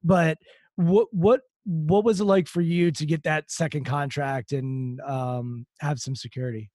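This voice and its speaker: A man's voice: a little high, fairly even intonation, a little slow, darkish tone, no echo. Man asking thoughtful questions, dry sound. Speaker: interviewer. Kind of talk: casual interview.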